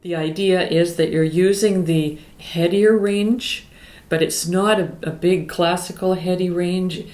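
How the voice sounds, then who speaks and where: A middle-aged woman vocal coach explaining singing warm-ups in a calm, explanatory way. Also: lowish voice, measured pace. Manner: calm, explanatory, breaks into sung exercises. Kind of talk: singing lesson with demonstrations. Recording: echoey room with piano. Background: piano.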